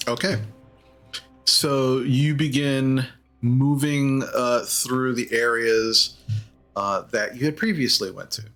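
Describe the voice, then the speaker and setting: A man narrating as the dungeon master of a tabletop game, with a halting delivery full of fillers. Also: medium pitch, fairly bright tone, soft background music.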